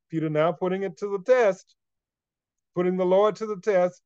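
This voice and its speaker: A man preaching in a sermon, emphatic and driving home points by repetition. His voice sits a little high for a man. The recording is dry and slightly dull. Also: normal speed, a little mellow, clear, resonant tone, no echo. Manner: emphatic, repeats key phrases.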